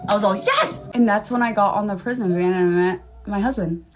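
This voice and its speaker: A woman telling a personal story in a casual, animated way, acting out the people in it. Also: medium pitch, fast, faint music behind. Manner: animated, acts out voices.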